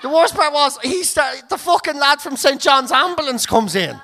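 Irish man, comedian podcast host, very high bright voice, sweary, laughing storytelling. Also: lively intonation, moderate pace, gravelly. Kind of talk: comic storytelling.

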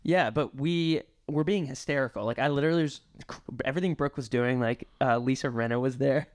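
A young man chatting on a podcast, telling animated stories and acting out what people said, laughing along. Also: medium pitch, brisk. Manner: animated, laughing, acts out quotes. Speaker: podcast guest. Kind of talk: casual chat, storytelling.

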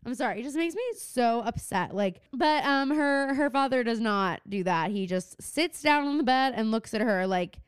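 Chatty young woman, smooth high voice. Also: expressive, moderate pace, hardly any pauses, dry recording, clean studio sound. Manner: chatty, says "like" a lot, gets worked up and swears. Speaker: podcast co-host. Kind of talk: casual recap chat.

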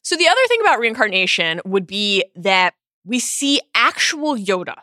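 Bright bubbly lady cohosting a chatty podcast, laughs a lot, dry studio mic. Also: medium pitch, sing-song, no room sound. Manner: bubbly, laughs often, quick bursts. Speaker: podcast co-host. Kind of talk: casual podcast chat.

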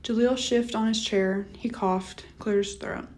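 A woman narrating an audiobook novel in a measured, steady reading. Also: a little high. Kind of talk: scripted narration.

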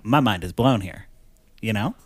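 A man's voice: fairly low pitch, animated, no room sound. A man co-hosting a casual podcast, recapping a movie in a chatty, joking way. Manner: chatty, joking, breaks into quick mock voices. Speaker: podcast co-host.

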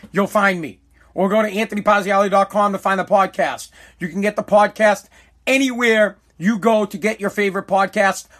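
Dude w a high voice doing a loose solo podcast rant, cussing, tripping over his words. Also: a bit bright. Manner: rambling, swearing, self-correcting. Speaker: podcast host. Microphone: streaming live mic.

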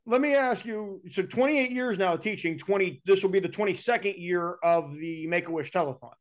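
A man hosting an interview, asking questions in a halting way with frequent restarts. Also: sits high. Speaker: interviewer, former student. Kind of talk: casual interview.

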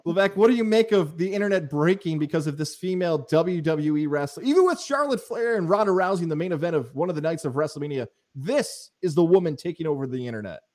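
A man with a slightly higher voice who co-hosts a podcast, talking fast with a lively, swinging pitch. He teases his partner and laughs easily. His delivery is quick and animated. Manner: quick, teasing, laughs often. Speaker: podcast co-host. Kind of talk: casual chat.

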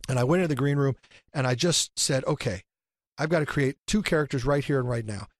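A middle-aged man, a comedian and actor, telling stories in an interview with energy and sudden loud acted-out bursts. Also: medium pitch, a little fast, no echo. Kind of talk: animated storytelling in interview.

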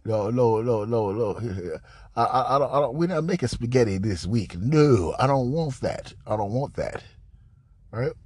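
Husky man ranting in mocking commentary. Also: mid-range voice, a little slow, no echo. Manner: animated, repetitive, mocking, laughs and coughs. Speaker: commentator reacting to a leaked call. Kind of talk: casual profane commentary.

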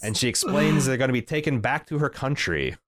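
A man's voice: medium pitch, animated, brisk, heavy background noise. A man co-hosting a podcast, recapping an episode in a casual, profane, jokey way. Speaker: podcast co-host.

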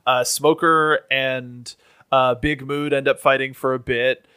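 A man's voice: medium pitch, flat delivery, measured pace, sharp tone, smooth, no room sound, studio quality. A man co-hosting a casual podcast chat, rambling with many fillers. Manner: rambling with fillers, mimics voices. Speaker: podcast co-host.

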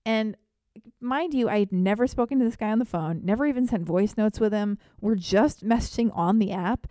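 A woman tells a comic personal story in a lively, theatrical way. She often pokes fun at herself. Her voice is mellow and warm, and it is recorded close and dry. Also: mid-range voice, normal speed, dry recording. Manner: animated, self-deprecating, theatrical. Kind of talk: comedic storytelling monologue.

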